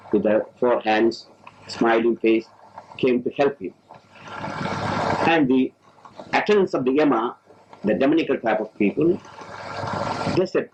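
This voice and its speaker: A man from India, a spiritual teacher telling a religious story in a lively, halting lecture. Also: medium pitch, slight background noise. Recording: dull old lecture tape.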